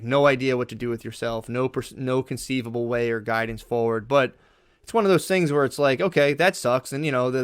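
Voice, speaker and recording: A man's voice: medium pitch, clean tone, no echo, studio quality. A man talking as a podcast guest, blunt and emphatic, swearing freely as he gives a pep talk. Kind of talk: casual chat.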